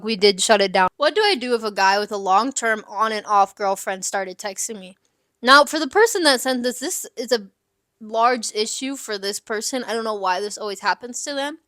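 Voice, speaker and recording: A young woman hosting an advice show, chatting candidly with lots of fillers and lively asides. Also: a little high, moderate pace, no echo, clean studio sound. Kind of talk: casual advice chat.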